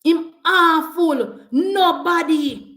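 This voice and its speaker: A woman's voice: extremely high pitch, very slow, a bit bright, roomy sound. Jamaican woman in a scolding political rant. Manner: scolding, emphatic, repeats her attacks. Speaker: political commentator.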